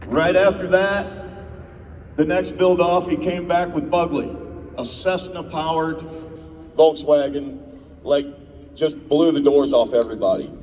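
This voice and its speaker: A man's voice: on the high side, a little slow, pauses often, a little mellow, a little hiss or hum. Emotional man presenting an award. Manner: emotional, rambling, self-interrupting. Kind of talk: off-the-cuff award speech. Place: large indoor event hall. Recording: distant mic in a reverberant hall.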